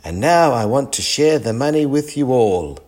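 A man voicing a feisty old grandmother in a storybook reading, with high, exclamatory lines. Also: normal speed, natural voice. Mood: cheerful. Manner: exclaiming, bright and animated.

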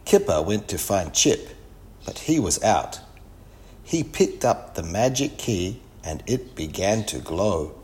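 A man reading a children's story aloud with lively expression. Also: lowish voice, takes it slowly, slight background noise. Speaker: narrator.

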